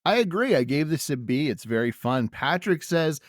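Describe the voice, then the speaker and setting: A man's voice: a little high, normal speed, no room sound, studio quality. A man co-hosting a podcast, casually recapping wrestling and giving each segment a letter grade. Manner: relaxed, hands out letter grades. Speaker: podcast co-host.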